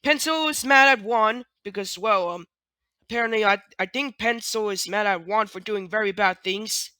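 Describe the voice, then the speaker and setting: This is a speaker casually retelling cartoon scenes, rambling and hesitant, stopping and restarting often. The voice is bright and the sound is dry and close. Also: medium pitch, moderate pace, smooth, dry recording.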